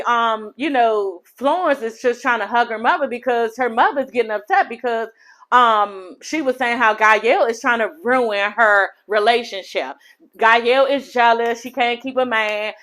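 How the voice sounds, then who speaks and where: A woman's voice: fairly high pitch, fairly bright tone. A woman recapping a reality TV episode in a casual vlog, sassy and profane, gossiping animatedly to her viewers.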